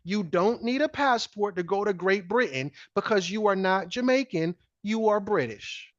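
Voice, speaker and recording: Animated man, lo-fi sound. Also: high-pitched, moderate pace, no room sound. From United States. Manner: animated, emphatic, repeats phrases for stress. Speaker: podcast host. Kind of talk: casual commentary, reading articles aloud. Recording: dull lo-fi dry sound.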